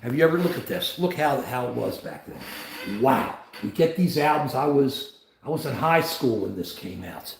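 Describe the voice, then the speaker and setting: A man's voice: mid-range voice, expressive, normal speed, gravelly, echoey room, slight background noise. A man in his seventies hosting a casual livestream, rambling and arguing directly with viewers in chat. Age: 70s. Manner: argumentative, rambling, talks straight to chat. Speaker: livestream host.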